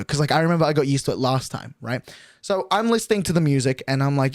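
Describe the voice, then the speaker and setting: A male streamer rambles through a story, packing every sentence with fillers and swear words. His pitch jumps around lively. The sound is dry and close. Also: fast, no room sound.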